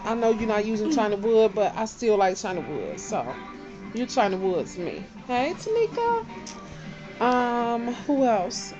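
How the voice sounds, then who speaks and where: Woman chatting to her cam, shouting out viewers, muffled lo-fi sound. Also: on the high side. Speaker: vlogger. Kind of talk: casual chat to camera.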